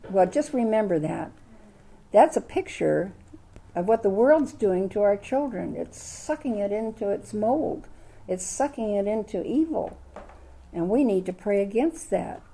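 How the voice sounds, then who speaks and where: A woman's voice: medium pitch, dark tone. An older woman teaching a Bible study lesson in a chatty way, asking her listeners lots of questions.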